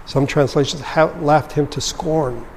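A man's voice: a little high, steady tone, unhurried, long reverb tail, slight background noise. A man leading a Bible study, reading scripture aloud and then explaining it in a conversational way. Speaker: Bible teacher.

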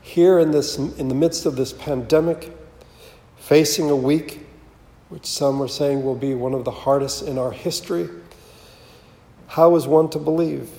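A man giving a slow, measured, solemn sermon as pastor, reading scripture aloud. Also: fairly high pitch, steady tone, gravelly, warm tone. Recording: roomy with long reverb.

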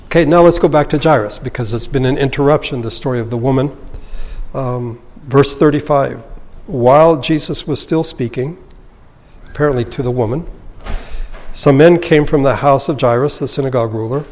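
A man's voice: medium pitch, normal speed, darkish tone, in a large hall. A man leading a Bible study, reading scripture aloud and then explaining it in a conversational way. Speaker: Bible teacher.

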